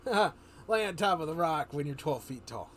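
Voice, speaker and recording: A man streaming live, telling a fantasy adventure story in a rambling, animated way, full of fillers and restarts. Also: a little high, moderate pace, slight background noise.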